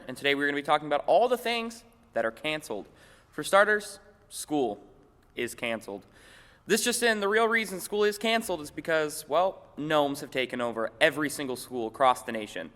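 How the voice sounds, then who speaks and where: Brief: young male parody news host, bright lively voice, deadpan jokes, echoey hall. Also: fairly high pitch, fairly quick. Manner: deadpan wisecracks, mock-anchor delivery. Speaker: segment host.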